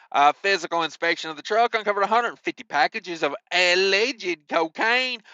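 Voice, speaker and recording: A man's voice: sits high, pushed and bright, clear, resonant tone, dry recording, muffled recording. A man hosting a trucking news show, reading stories and breaking off into wisecracking asides with mild cussing. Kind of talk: reading news with joking commentary.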